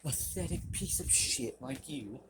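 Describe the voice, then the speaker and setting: A man's voice: mid-range voice, animated, a little slow, noisy background, lightly acted. A young man voicing a scheming, cruel young woman with a sneering, contemptuous manner, in his own voice. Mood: scornful.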